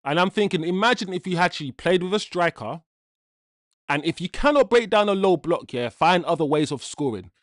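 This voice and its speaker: Male watch-along host, frustrated rant full of curses, fairly high voice, dry close sound. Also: lively intonation, fairly quick, no room sound. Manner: exasperated ranting with frequent swearing; repeats himself while venting. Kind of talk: live football watch-along commentary.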